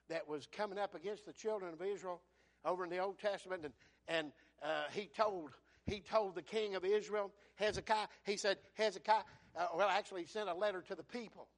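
A man preaching a sermon, telling Bible stories in a folksy way and swinging from hushed to shouting. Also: sits high.

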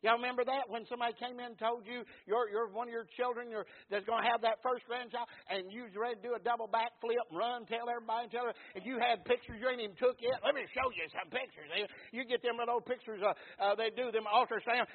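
A man preaching a sermon in a folksy, repetitive way that swings between loud and hushed. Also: very high-pitched, fairly even intonation, fast talker, hardly any pauses. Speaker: pastor. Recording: tinny phone-like sound.

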